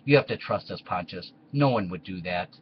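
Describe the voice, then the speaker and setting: A man's voice: deep voice, expressive, brisk, muffled recording, a little hiss or hum. A man voicing Jesus as an earnest preacher in a comedy history skit. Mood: calm.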